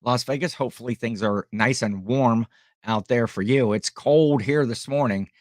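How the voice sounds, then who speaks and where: A man's voice: medium pitch, moderate pace, dry recording, studio quality. Rambling middle-aged man hosting a live stream. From Ohio. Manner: rambling, greets viewers by name. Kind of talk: casual live-stream chat.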